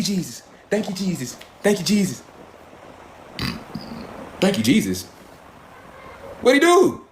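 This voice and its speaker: Man, high voice, profane rant, confrontational, rhetorical questions. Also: fairly bright tone. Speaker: commentator. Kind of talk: ranting monologue.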